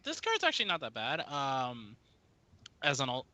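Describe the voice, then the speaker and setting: A man's voice: mid-range voice, huge pitch swings, normal speed, pushed and bright, dry recording. A man on a podcast panel giving a rambling opinion full of fillers. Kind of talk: casual chat.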